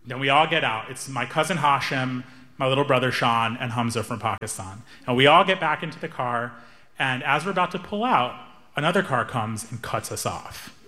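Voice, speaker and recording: A young man doing stand-up, telling a story in an animated, wry, self-amused way. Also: mid-range voice, moderate pace. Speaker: stand-up comedian.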